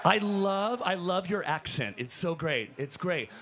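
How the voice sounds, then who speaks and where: A man working as a roving hype host on a crowded convention floor, energetic and calling out to fans. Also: high-pitched, a little slow. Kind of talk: live event hosting.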